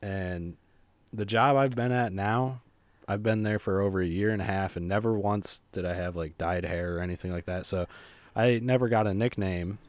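A man's voice: sits low, normal speed, no echo. A young man co-hosting a casual chat, telling work stories in a laid-back way with frequent laughs. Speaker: podcast co-host.

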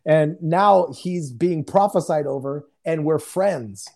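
A man, a guest minister on a video call, telling a testimony in a lively, joking way and acting out the quotes. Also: a little high, slow. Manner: animated, joking, acts out quotes. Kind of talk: casual storytelling testimony. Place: home in Houston. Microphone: remote video call.

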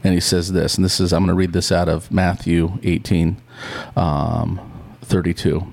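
A man co-hosting a Christian podcast, teaching casually and telling stories in an animated, chatty way that acts out the lines he quotes. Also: low voice, normal speed, gravelly. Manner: chatty and informal. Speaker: podcast co-host. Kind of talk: casual conversational Bible teaching.

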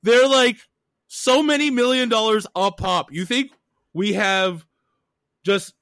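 A man's voice: high voice, slow, fairly bright tone, no room sound, clean studio sound. A man from Canada co-hosting a podcast, telling a travel story in a profane, ranting way. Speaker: podcast co-host. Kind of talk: casual chat.

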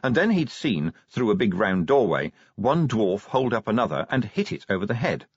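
A man narrating an audiobook in an animated, wry storytelling manner. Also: lowish voice, normal speed, slightly rough, no room sound, lo-fi sound. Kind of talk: scripted narration.

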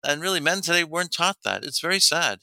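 Man, middle-aged, dating coach, very bright tone, dry close sound, animated storytelling. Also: fairly high pitch, fast talker, gravelly, dry recording. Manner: animated storyteller, acts out quoted dialogue, laughs often. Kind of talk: casual interview talk.

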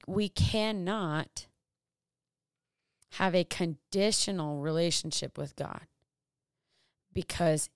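A young woman giving a casual faith talk, animated, full of rhetorical questions and self-deprecating asides. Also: lowish voice, smooth, dry recording, clean studio sound. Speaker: Christian vlogger and small business owner.

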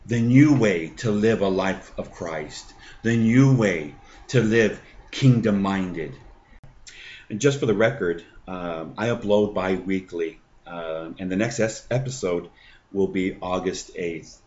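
A middle-aged man hosting a faith podcast, telling a personal testimony in a halting way full of fillers and restarts. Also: low voice, a little mellow, dull audio. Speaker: podcast host.

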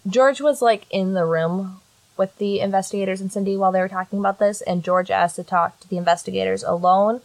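A woman's voice: medium pitch, a little fast, vocal fry, a little mellow, dry recording. A young woman hosting a casual chat, recounting a case and reading out quotes with blunt sarcasm. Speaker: podcast host recounting a case.

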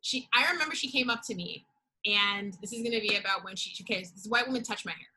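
A young adult woman telling a story in casual chat, expressive and acting out the quoted exchanges. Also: medium pitch, fast, poor audio. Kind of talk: animated storytelling.

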